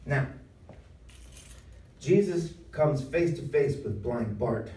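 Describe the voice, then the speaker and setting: A former pastor giving a conversational, emphatic talk at a live event, acting out voices with humor. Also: male voice, mid-range voice, expressive, slow pace, warm tone. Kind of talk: preaching talk. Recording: roomy hall sound, mic at a distance.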